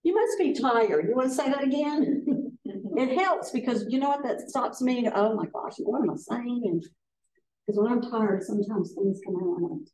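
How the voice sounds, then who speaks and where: A woman's voice: a little high, animated, normal speed, warm tone, slight background noise. An older woman, teaching a casual workshop for foster care advocates in a folksy way that acts out quotes in different voices. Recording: echoey room, voice from a distance.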